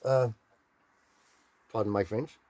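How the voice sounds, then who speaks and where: A man from Denmark, giving an informal language lesson and repeating words slowly to demonstrate them. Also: fairly low pitch, fairly even intonation, a little mellow, dry recording. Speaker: language teacher.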